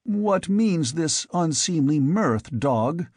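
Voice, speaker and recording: A cruel, haughty nobleman speaks in clipped commands, put on by a man reading a fantasy audiobook. His pitch sits well above the reader's own voice. The sound is dry and close to the mic. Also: expressive, measured pace, dry recording. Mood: uneasy. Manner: commanding, curt. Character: cruel masked male nobleman, haughty and impatient. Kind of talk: audiobook character voice.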